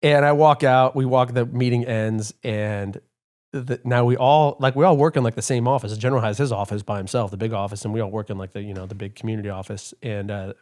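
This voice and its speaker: A middle-aged man, a retired military officer, telling stories in a casual interview, full of fillers and quick acted-out quotes. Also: medium pitch. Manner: animated storyteller, many fillers, acts out quotes. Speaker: retired Air Force colonel, podcast guest.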